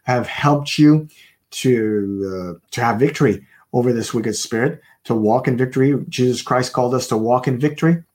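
A man co-hosts a Christian broadcast in a loose, informal way. He often stalls and starts his sentences over. His pitch is ordinary for a man. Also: moderate pace, darkish tone. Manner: hesitant, many fillers and restarts. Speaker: co-host. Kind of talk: casual chat on a Christian broadcast.

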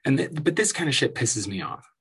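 A husky-voiced man rants at length, swearing often and mocking the people he is angry about. His voice sits at an ordinary pitch with a slightly breathy edge. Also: big pitch swings, a little fast, a bit bright. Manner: angry, profane, sarcastic ranting with mocking asides. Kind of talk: ranting commentary.

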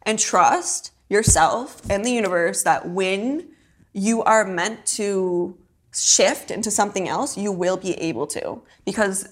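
A woman's voice: mid-range voice, unhurried. A young woman in casual conversation, laughing often, saying "like" constantly and swearing offhandedly. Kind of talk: casual chat.

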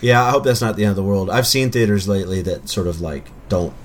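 Low-voiced rambling podcast co-host, man. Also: quick pace, a loud crowd. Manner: rambling, trails off and restarts. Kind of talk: casual chat.

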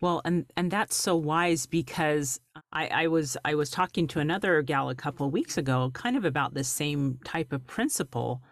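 A woman's voice: low voice, moderate pace, no echo, clean studio sound. Earnest woman hosting a faith talk show. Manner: earnest, restarts words often.

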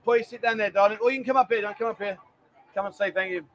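A man's voice: high-pitched, steady tone, racing, fairly bright tone, rough recording. A middle-aged man hosting a live stream, chatty and bantering as he rambles along. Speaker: livestream host. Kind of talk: casual live-stream chat.

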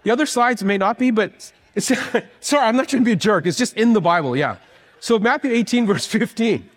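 A man teaching a church workshop, preaching with animated, jokey asides. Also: high-pitched, fairly quick, in a large hall. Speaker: workshop speaker.

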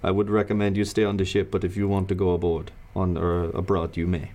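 A man serving as game master, narrating a tabletop game and voicing its characters in a measured, deliberate way. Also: sits low, little pitch movement, darkish tone.

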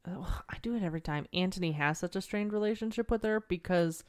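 A woman's voice: lowish voice, fast talker, a little mellow. A young woman co-hosting a casual chat, giving emphatic, gushing opinions. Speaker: podcast co-host.

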